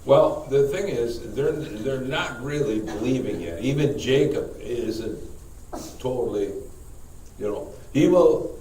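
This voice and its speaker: A man, a priest, leading a Bible study class, speaking haltingly, repeating words and putting questions to the group. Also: medium pitch, animated, dark tone. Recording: echoey room, mic far off, faint noise.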